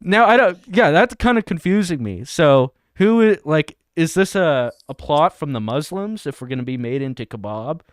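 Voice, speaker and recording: Male stream host, crude and laughing, slightly high smooth voice, dry mic. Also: expressive, moderate pace, hardly any pauses, no echo. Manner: laughing, crude, reading chat and video text aloud. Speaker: livestream host. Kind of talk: satirical livestream commentary.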